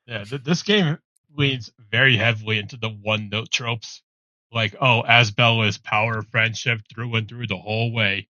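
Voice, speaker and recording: A man's voice: medium pitch, bright, forceful tone, no room sound. A male podcast panelist speaking casually and with opinions, often saying "like", on slightly muffled audio. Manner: quick, opinionated, says "like" often.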